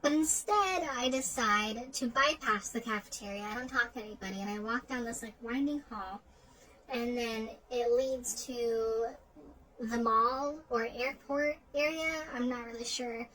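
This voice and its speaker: A woman's voice: a little high, a little slow, bright, forceful tone, rough recording. Woman rambling through a dream story. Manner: rambling, full of "like" fillers and restarts. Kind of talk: casual retelling of a dream.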